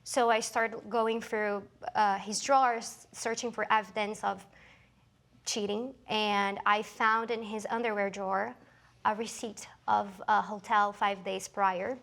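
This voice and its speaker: A woman testifying as a defendant in a courtroom, defensive and quick to jump in with denials. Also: mid-range voice, level tone, vocal fry, fairly bright tone. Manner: defensive, quick to deny and interject. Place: courtroom set.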